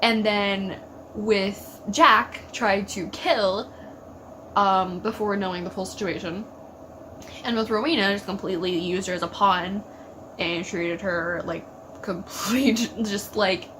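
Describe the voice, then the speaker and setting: A woman's voice: medium pitch, fairly even intonation, slow pace, noisy background. A woman hosting a casual solo discussion, rambling with lots of fillers and exasperated asides. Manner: rambling, frustrated, with frequent fillers and laughs. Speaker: YouTube TV reaction host.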